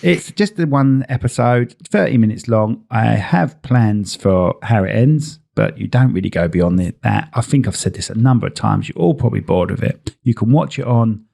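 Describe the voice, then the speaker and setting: A man's voice: fairly low pitch, moderate pace, creaky, hardly any pauses, warm tone. A man co-hosting a podcast, chatting casually with playful, self-mocking banter. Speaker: podcast co-host. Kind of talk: casual chat.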